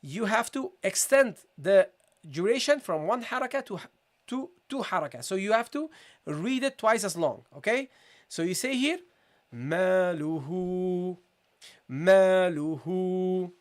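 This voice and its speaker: Patient teacher repeating and checking in. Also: male voice, high voice, sing-song. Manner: repetitive, checking in with viewers, slow demonstration of sounds. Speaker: Quran recitation and Arabic teacher. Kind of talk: live-streamed tajweed lesson.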